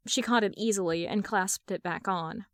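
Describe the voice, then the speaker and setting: Woman narrator, fan fiction audiobook, measured even reading, dry close voice, middle pitch. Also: no room sound. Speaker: podfic reader.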